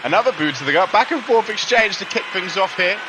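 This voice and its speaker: A man's voice: high-pitched, animated, fast talker, crowd noise, noisy background. A young man commentating a wrestling game live on a stream, chatty and greeting viewers between calls. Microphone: laptop mic. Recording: music playing behind. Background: music.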